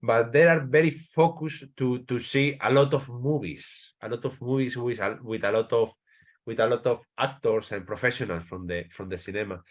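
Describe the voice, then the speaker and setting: A man from Spain with a Spanish accent, a writer interviewed as a guest, speaking English as a second language with many restarts. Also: mid-range voice. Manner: halting, many restarts, searching for English words. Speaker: author, guest. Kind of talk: interview answers.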